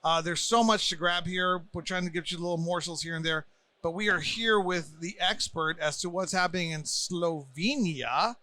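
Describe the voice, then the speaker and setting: At a bustling conference, a man from the United States hosts a podcast, his voice high and sharp. He interviews guests in a playful, talkative manner, speaking in rapid bursts.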